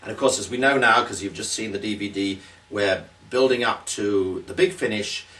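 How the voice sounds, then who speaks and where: A man's voice: lowish voice, normal speed, fairly bright tone, far from the mic. A British man, a magician, explaining a trick and then performing its showman patter in a theatrical, exclamatory way.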